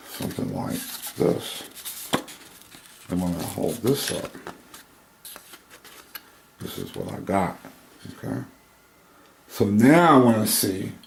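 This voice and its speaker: A man's voice: lowish voice, vocal fry, noisy background. A man giving a casual hands-on tutorial, thinking aloud as he cuts and pins. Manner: slow, relaxed, thinking aloud while cutting and pinning. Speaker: handbag-making instructor.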